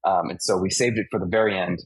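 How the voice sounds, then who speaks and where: A man in his forties from Massachusetts, a stunt performer telling animated stories in an interview and acting out the impacts. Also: low voice, quick pace, slightly rough, no room sound, low-quality recording. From United States (Massachusetts). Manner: animated anecdotes, acts out impacts and sound effects. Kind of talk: casual storytelling interview.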